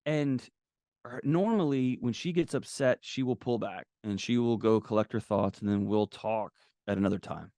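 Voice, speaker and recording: A man guest on an interview podcast, telling personal stories in a candid, animated conversational way. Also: fairly low pitch, moderate pace, dry recording, clean studio sound. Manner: candid, animated, acts out quotes. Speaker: guest author. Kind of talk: casual conversational storytelling.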